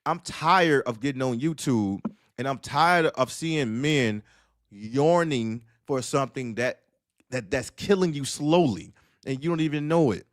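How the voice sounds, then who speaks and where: A man's voice: mid-range voice, animated, unhurried, dry recording, studio quality. A man talking on a streamed panel discussion, telling stories bluntly and preaching with profanity. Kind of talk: casual streamed panel talk.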